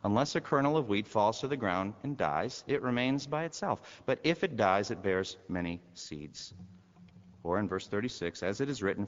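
A man preaches a sermon, moving from quiet storytelling into loud, impassioned appeals. His voice carries a long echo through a large church hall, and the recording sounds muffled. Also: animated, normal speed. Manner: rises to loud, high-pitched fervent exhortation.

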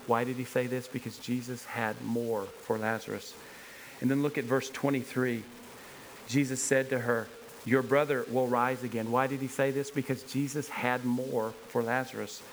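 A man's voice: medium pitch, a little hiss or hum, rough recording. Earnest man preaching a sermon. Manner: earnest, emphatic, repeats rhetorical questions. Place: church service before a congregation.

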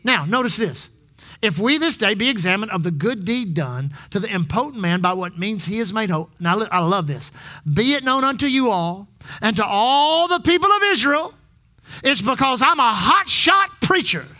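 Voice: mid-range voice, animated, moderate pace, bright, forceful tone. A pastor preaching a sermon in church, calling on the congregation to repeat phrases back. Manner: exhorting, call-and-response with the congregation.

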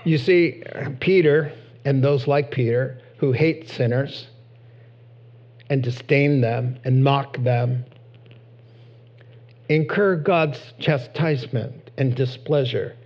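A man preaching a sermon in an animated way, acting out short voices and rising to excited high peaks. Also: takes it slowly, pauses often. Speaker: pastor. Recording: dull lo-fi sound.

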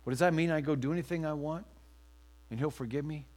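A man preaching a sermon as pastor in a church, rising to loud emphatic lines and dropping to a hushed near-whisper. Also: fairly high pitch, fast talker.

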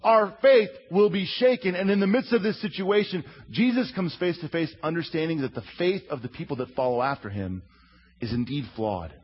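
A husky, fairly high-voiced man preaches a sermon, telling the story with a wide, animated swing in pitch. He acts out quotes as he goes. The recording sounds dull and lo-fi. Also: normal speed. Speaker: preacher teaching a Bible lesson. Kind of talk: sermon, drawing while teaching.

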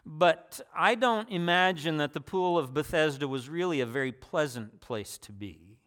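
A man's voice: on the high side, expressive, moderate pace, a bit bright. Man preaching in a conversational sermon. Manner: conversational, with restarts and asides.

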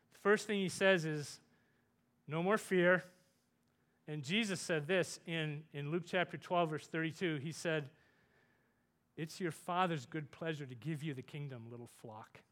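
Man, preacher, earnest sermon delivery, swells for emphasis, somewhat high pitch. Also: unhurried. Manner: earnest, rises in pitch and volume for emphasis, softens for tender points.

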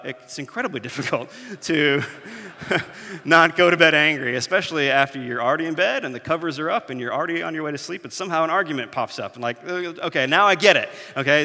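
A man in his thirties, a pastor preaching a sermon, telling stories with animated, self-mocking humor. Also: fairly high pitch, fairly quick. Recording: echoey hall.

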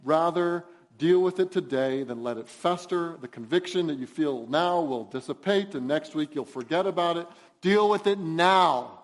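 A man's voice: fairly high pitch, moderate pace, hardly any pauses, darkish tone. A male pastor preaching a sermon, emphatic and urgent, acting out the voices he quotes. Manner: emphatic, rising to urgent exhortation; acts out quoted voices in his storytelling.

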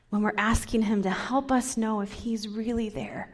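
Soft-spoken woman preaching, husky tone. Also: mid-range voice, fairly even intonation, a little fast, hardly any pauses. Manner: soft, drops into whispers for emphasis. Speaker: pastor. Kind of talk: sermon.

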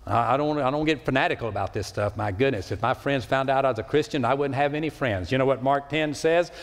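A man preaching a sermon as pastor, swinging from loud high calls to low quiet stretches and slowing down to stress words. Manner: preaching with sweeping swings in pitch and loudness, slowing for emphasis. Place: large church sanctuary. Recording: long reverb of a large hall.

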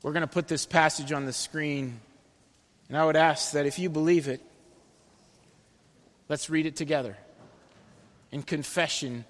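A man preaching a sermon as pastor, earnest, swinging between loud emphatic phrases and soft, low appeals. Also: steady tone, moderate pace, pauses often. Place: church sanctuary. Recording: long reverb of a church hall.

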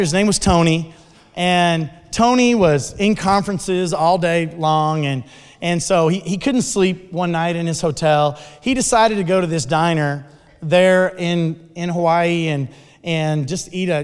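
A man telling a sermon story in an animated way, with frequent restarts. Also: a little high. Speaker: speaker. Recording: long hall reverb.

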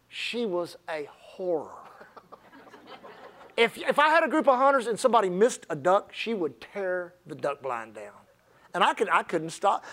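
A man preaching a sermon, telling folksy, humorous stories. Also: high-pitched. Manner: folksy, humorous, animated storyteller. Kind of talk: sermon with storytelling.

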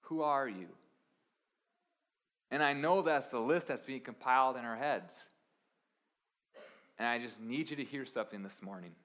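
A young man preaching a sermon, swinging from quiet confessional lines to loud, emphatic preaching. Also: mid-range voice, normal speed, long pauses. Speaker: pastor.

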